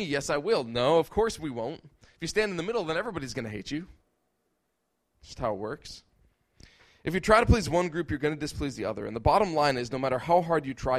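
A man preaching a sermon, emphatic, with rhetorical questions and repeated lines. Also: on the high side.

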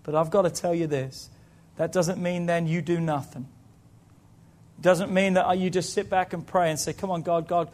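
A man's voice: sits high, steady tone, moderate pace, darkish tone. A man preaching a sermon as pastor, calling out to the congregation and acting out the people in his stories. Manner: preaching with call-outs to the congregation; tells stories and voices the people in them.

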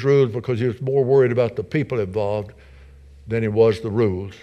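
A middle-aged man preaching a sermon as pastor, earnest, repeating his phrases and building in intensity, softer when he prays. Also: fairly low pitch, level tone, brisk, lo-fi sound. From United States. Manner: soft, subdued when praying.

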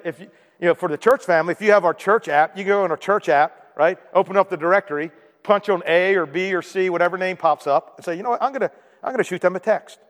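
A man preaching a sermon as pastor, talking to the room in a conversational way and often asking the congregation "right?". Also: high-pitched. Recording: long hall reverb.

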